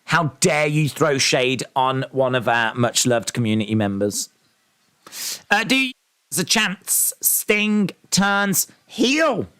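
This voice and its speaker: An English man hosting a live watch-along, talking in an unhurried, relaxed way. His voice sits a bit high for a man as he calls each move and reads out viewer messages. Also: clear, resonant tone. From England. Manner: calls the match action and reads viewer comments aloud. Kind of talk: casual live commentary and chat reading.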